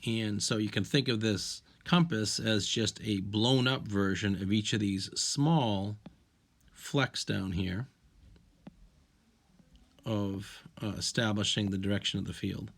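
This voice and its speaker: Low-voiced man teaching a recorded science lesson. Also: takes it slowly, vocal fry, fairly bright tone. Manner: explanatory, with frequent restarts and "if you will"; walking students through slides. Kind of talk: recorded online class lesson.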